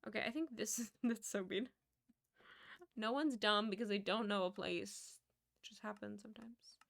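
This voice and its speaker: A woman's voice: mid-range voice, normal speed, creaky, a bit bright. A young woman in her twenties streaming a building game, chatting casually and muttering counts under her breath.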